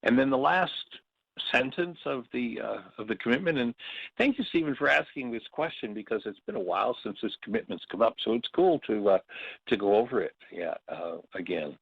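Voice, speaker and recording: A man's voice: mid-range voice, animated, normal speed, gravelly, slightly rough, no echo, dull audio. A man teaching a workshop, telling stories and slipping into short acted quotes. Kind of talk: reflective spoken teaching.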